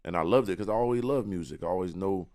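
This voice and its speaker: A man's voice: low voice, fast talker, a little mellow. A man in a casual podcast interview, talking about himself with confidence and often repeating words as he searches for the next one. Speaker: guest.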